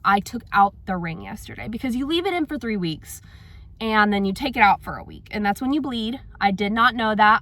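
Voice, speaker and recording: A young woman chatting in a casual personal vlog, acting out her own reactions with big jumps in pitch. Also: bright, forceful tone. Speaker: vlogger.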